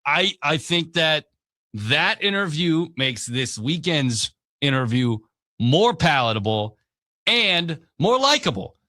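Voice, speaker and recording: A man's voice: fairly high pitch, sing-song, pushed and bright, dry recording. A man hosting sports radio talk, casual and opinionated. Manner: casual, opinionated, quick asides. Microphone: studio mic.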